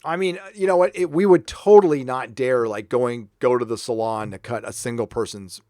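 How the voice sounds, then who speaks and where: A man's voice: mid-range voice, normal speed, mellow, no room sound, studio quality. A man hosting a casual livestream, reading viewer donations aloud and answering them with sarcastic, mock-earnest remarks.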